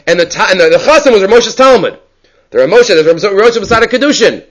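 A man teaching a Talmud class, reading Hebrew and Aramaic passages aloud and explaining them in English with animated storytelling. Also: high voice, fast talker, low-quality recording. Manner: animated storyteller, many restarts.

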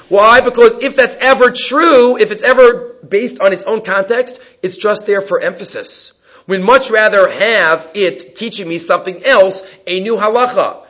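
High-voiced man teaching Jewish law. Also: a bit bright. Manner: reads Hebrew text then explains in English, emphatic. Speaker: Torah teacher. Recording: dull lo-fi recording.

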